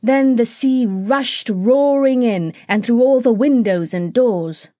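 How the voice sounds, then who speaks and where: A woman narrating a children's classic audiobook in a clear, steady reading voice. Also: on the high side, takes it slowly, no room sound, studio quality. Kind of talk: storybook narration.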